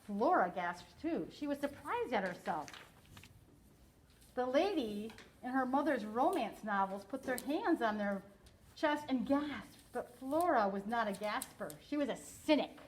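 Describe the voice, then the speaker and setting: A woman teacher reading a novel aloud to her class, expressive and slowing down for emphasis, pausing to ask students questions. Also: on the high side, slight background noise, low-quality recording.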